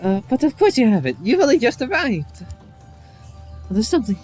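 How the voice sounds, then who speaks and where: A man voicing a small, fluffy forest creature in a high, bouncy, sing-song voice. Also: very animated, normal speed, darkish tone, slightly rough, faint music behind, heavily acted. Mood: chirpy.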